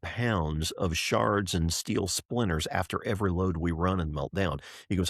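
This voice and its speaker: On a podcast, a middle-aged race driver and entrepreneur tells an animated story, voicing the people he quotes along the way. His low-pitched delivery is a little fast with hardly any pauses and has a breathy edge. The audio is dry and clean, studio-grade.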